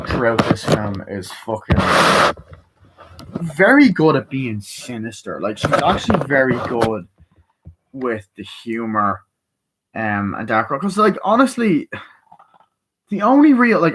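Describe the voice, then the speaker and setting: A man's voice: medium pitch, very noisy. A man giving a casual spoken film review. He rambles, swears freely and drifts onto tangents. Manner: rambling, profane, tangent-prone, filler-heavy. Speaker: movie reviewer.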